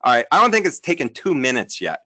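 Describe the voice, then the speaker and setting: A man in his thirties hosting a live sales webinar, upbeat and chatty, talking to the viewers in the chat while he demos software. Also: mid-range voice, wildly swooping pitch, fast. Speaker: webinar host.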